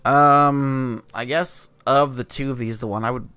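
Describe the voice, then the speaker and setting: A man streaming himself reading a visual novel aloud, narrating with relaxed, self-aware asides. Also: medium pitch, fairly quick, no echo, soft background music.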